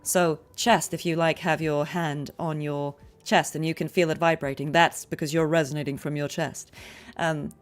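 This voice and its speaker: A young adult woman, a voice actress, chatting casually on a livestream and explaining voice technique with quick demonstrations. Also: low-pitched, flat delivery, soft background music. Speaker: voice actress streaming a game.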